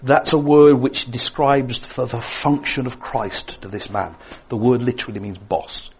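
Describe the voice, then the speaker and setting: A man preaching a sermon, swinging between emphatic lines and hushed, quiet ones. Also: mid-range voice, fairly even intonation, a little slow, a little hiss or hum.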